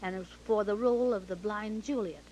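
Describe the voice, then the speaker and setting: Canadian-born woman, lively storyteller. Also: mid-range voice, brisk, dull audio, slight background noise. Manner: lively storyteller acting out quoted dialogue. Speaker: interviewee recalling her career. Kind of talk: anecdotal storytelling.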